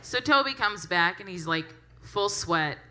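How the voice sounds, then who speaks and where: A young woman doing a stand-up comedy set, brash, profane and animated. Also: on the low side, measured pace.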